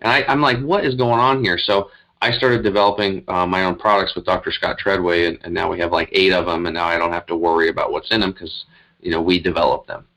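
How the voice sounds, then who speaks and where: Deep voiced middle-aged guy, health coach, rambling earnest interview chat. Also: fairly even intonation, fast talker, fairly bright tone, rough recording. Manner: rambling, earnest, many fillers and restarts. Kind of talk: casual interview storytelling.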